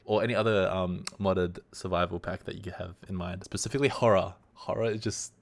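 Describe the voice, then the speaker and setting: A man's voice: low-pitched, steady tone, brisk, vocal fry. A young man commenting on a horror video game as he plays it, easily startled and laughing nervously at the scares. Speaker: gaming video creator. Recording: loud game music behind the voice.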